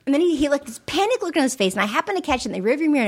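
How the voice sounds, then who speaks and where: A middle-aged woman with a fairly high voice tells a story in relaxed conversation. She is animated and lively, slipping into other people's voices as she recounts what they said. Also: very fast. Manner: animated storyteller, acts out voices in her anecdotes. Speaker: guest. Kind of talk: casual conversation.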